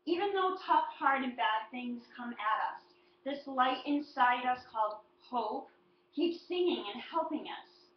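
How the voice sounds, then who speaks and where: A woman teacher giving a model poetry presentation, explaining in a deliberate, clearly paced way. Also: high-pitched, lively intonation, a little hiss or hum. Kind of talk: model student presentation on a poem. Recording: echoey, distant, dull and lo-fi.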